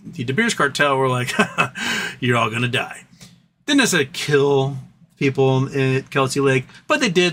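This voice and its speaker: Casual male livestream host, bright and punchy, animated storyteller, faint background noise. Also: mid-range voice. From United States. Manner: animated storytelling with mock voices for quoted parties.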